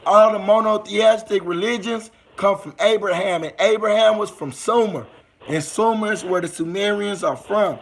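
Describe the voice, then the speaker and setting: A man's voice: high-pitched, vocal fry, a bit bright. A young man with a Southern US accent, hosting a casual livestream and talking loosely to his viewers in rambling street slang. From United States. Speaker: livestream host.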